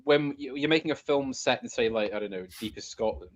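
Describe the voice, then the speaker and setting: A man's voice: mid-range voice, fairly quick, no room sound. A man in casual conversation, chatty, who laughs often and likes mimicking voices. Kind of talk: casual chat.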